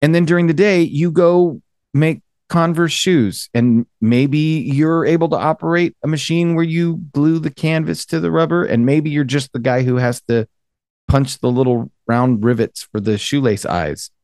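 A man's voice: fairly high pitch, normal speed, darkish tone, no echo, clean studio sound. A man co-hosting a casual podcast, making his points with repeated phrases in an opinionated way. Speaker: podcast co-host.

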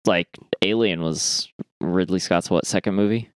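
A man's voice: sits low, unhurried, smooth, no echo, studio quality. A man co-hosting a film podcast, rambling in casual chat with lots of fillers and swearing. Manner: rambling, many fillers, swears and laughs easily. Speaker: podcast co-host.

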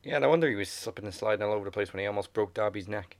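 A man with a lowish voice talks through the week's wrestling in a laid-back, wry way. The recording is dry and close. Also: racing, no room sound. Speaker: podcast co-host. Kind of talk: casual wrestling chat.

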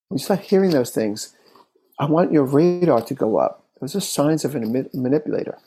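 A man who works as a therapist, recounting a case as an interview guest in an unhurried, thoughtful way, speaking in short phrases. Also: medium pitch, expressive, mellow, slightly rough, poor audio. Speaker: therapist and relationship expert.

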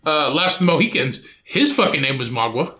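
Guy reading news on a podcast, cussing and laughing, high voice that jumps all over. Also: big pitch swings, fairly quick, pushed and bright, echoey room. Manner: profane, laughing, riffs on absurd ideas. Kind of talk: crude casual podcast banter.

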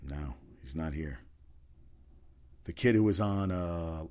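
A man's voice: extremely low pitch, animated, takes it slowly, a little mellow. A man giving a casual, rambling solo rundown of sports news, opinionated and full of fillers and restarts. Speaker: sports talk host.

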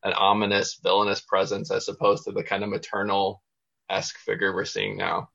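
Low-voiced fan interviewer, polite, muffled mic. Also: male voice, completely flat delivery, moderate pace, creaky, pushed and bright. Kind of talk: asking a panel question.

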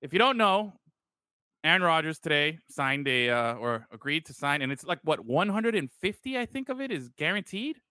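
Bright-voiced man riffing on football. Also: a little high, sing-song, normal speed, no room sound. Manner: rambling, swears freely, calls people bro. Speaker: podcast co-host. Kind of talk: casual sports chat.

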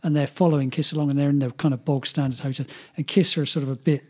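A man co-hosting a loose conversation, his voice a touch husky and pitched somewhat high. He rambles cheerfully, laughing as he goes and circling back on his words. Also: steady tone, fast, darkish tone. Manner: chatty, laughing, many restarts and "you know". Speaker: podcast co-host. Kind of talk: casual chat.

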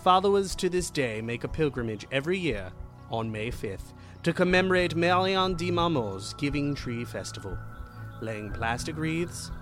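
A man narrating an audiobook story in a dramatic, expressive way. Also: medium pitch.

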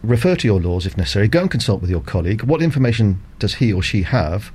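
A middle-aged man, a cricket umpire guest on a radio interview, explaining rules in a measured, methodical way with frequent ums and uhs. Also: on the low side, very animated, a little mellow, a little hiss or hum.

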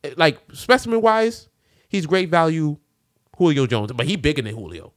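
Dude hyping football picks, kinda high voice, dry close sound, jokey and loud. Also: male voice, normal speed, no echo. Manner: loud, animated, joking, swears freely. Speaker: sports podcast co-host. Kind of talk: casual sports chat.

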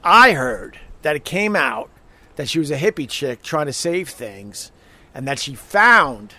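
A man's voice: a little high, unhurried. A man telling a story in casual chat, animatedly acting out the people in it. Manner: animated storyteller who acts out quotes loudly. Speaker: storyteller recounting an old roommate story.

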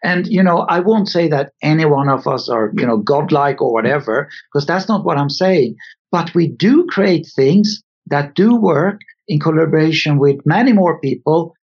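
A man's voice: on the high side, animated, moderate pace, slightly rough. A middle-aged man with a Scandinavian accent, thoughtfully answering interview questions with some hesitations. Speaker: guest, car designer. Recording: dull lo-fi audio.

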